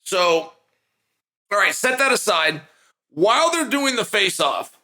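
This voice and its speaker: A middle-aged man giving a casual, energetic breakdown of a fight from a closet at home, repeating phrases for emphasis. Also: high-pitched. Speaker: podcast host and fight analyst.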